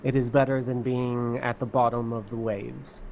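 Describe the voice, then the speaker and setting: A man's voice: medium pitch, flat delivery, normal speed, vocal fry, a little mellow, low-quality recording. A man playing his character in a tabletop game, speaking in a formal, courteous way. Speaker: player.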